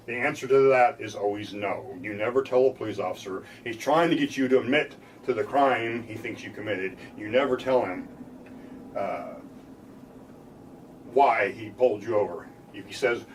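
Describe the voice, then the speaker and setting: A defense lawyer explaining rights in plain talk, now and then mimicking police officers in a loud mocking voice. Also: male voice, on the low side, normal speed, distant mic, slight background noise.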